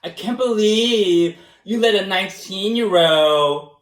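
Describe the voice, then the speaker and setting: A man's voice: high-pitched, slow. A man imitating an exasperated campus staff member who scolds indignantly, in an echoey room at a distance from the mic. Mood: scolding.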